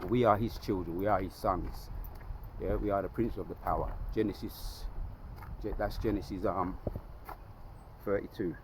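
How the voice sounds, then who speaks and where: A man's voice: sits low, fairly even intonation, normal speed, long pauses, noisy background. A man preaching outdoors by a lake in an emphatic, repetitive way, often restarting his sentences and quoting scripture. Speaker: street preacher.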